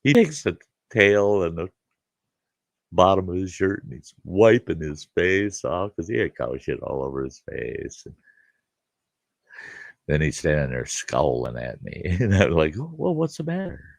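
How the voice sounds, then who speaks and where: A man's voice: low voice, animated, unhurried, vocal fry, pauses often, no echo. A middle-aged man telling a rowdy childhood farm story in a folksy, casual way, often laughing as he talks. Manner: folksy, laughs through his own tale. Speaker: storyteller host.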